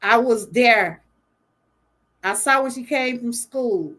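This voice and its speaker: An older woman talks on her livestream in a fairly high voice. Her delivery is earnest and heartfelt, and she speaks straight to the people watching. The sound is a casual at-home webcam setup. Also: slow pace, fairly bright tone. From Georgia, US. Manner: earnest, speaks straight to viewers, often moved. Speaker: livestream host. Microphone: webcam or phone livestream.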